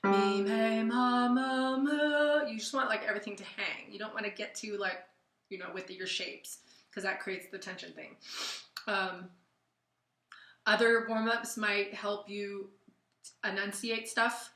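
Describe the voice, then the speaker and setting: A woman singing teacher giving a casual vocal lesson, talking through warm-ups in a relaxed, chatty way with plenty of fillers and sung scales between. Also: mid-range voice, unhurried, pauses often, reverberant. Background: piano.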